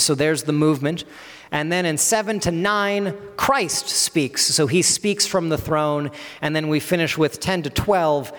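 Man preaching in a reverberant hall. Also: on the high side. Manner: earnest expository teaching, acting out quoted voices. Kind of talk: sermon. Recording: long reverb of a large hall.

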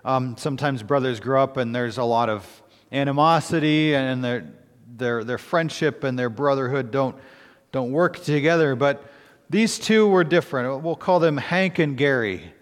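A man, a pastor, preaching a sermon, reading scripture, then telling a story in an earnest, halting way with pauses and restarts. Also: medium pitch, long reverb tail.

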